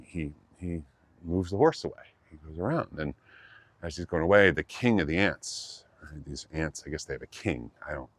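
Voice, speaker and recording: A man's voice: low-pitched, no echo. A man, a qigong teacher, telling a fairy tale loosely and jokingly, with lots of fillers. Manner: rambling, jokey, many fillers. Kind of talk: loose casual storytelling.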